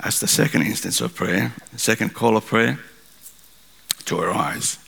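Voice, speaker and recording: A male pastor preaching a sermon, telling a story in an animated way. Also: lowish voice, moderate pace, gravelly, husky.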